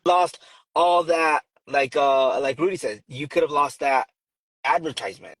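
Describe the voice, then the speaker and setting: A relaxed, agreeable man in a casual livestream chat who keeps echoing what the others said. He searches for words as he goes, and his voice comes across dry and close, with almost no room sound. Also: a little high. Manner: relaxed and agreeable, halting with fillers. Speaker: guest on a business livestream.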